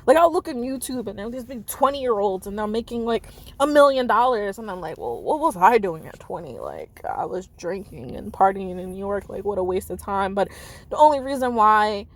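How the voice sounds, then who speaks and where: A woman's voice: mid-range voice, sing-song, fairly quick. A woman in her thirties talking casually to camera, chatty and candid, with lots of "like" and "you know". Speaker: vlogger.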